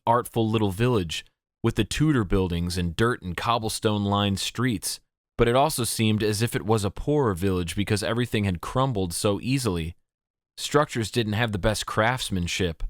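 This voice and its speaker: A man with a fairly low voice reads a fantasy audiobook at a measured, steady pace. The sound is dry and close, with no room around it. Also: no echo. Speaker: audiobook narrator. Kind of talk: scripted narration.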